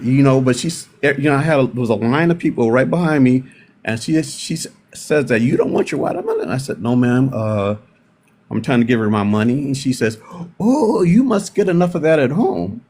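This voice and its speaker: Low-voiced middle-aged man, reflective. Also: a little mellow. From Milwaukee, United States. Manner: unhurried, reflective, often pausing to restart sentences. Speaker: panel participant. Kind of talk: personal storytelling in a panel discussion.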